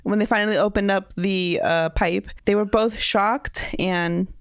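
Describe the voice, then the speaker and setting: A woman's voice: mid-range voice, fairly even intonation, measured pace, clear, resonant tone, dry recording, studio quality. A woman co-hosting a podcast who sounds congested, telling a story in a casual, giggly, rambling way. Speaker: podcast co-host.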